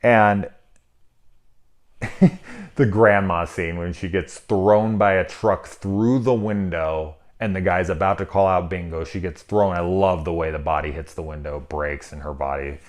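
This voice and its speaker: A man's voice: low-pitched, fairly even intonation, a little slow. A man in his thirties giving a casual, rambling movie review, full of swearing and sarcastic asides. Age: 30s.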